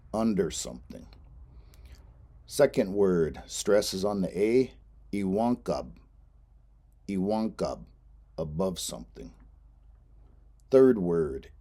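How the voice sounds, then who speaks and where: A man's voice: low-pitched, mellow, breathy edge. A man teaching a language lesson, explaining patiently and repeating each word for pronunciation. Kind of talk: instructional lesson narration.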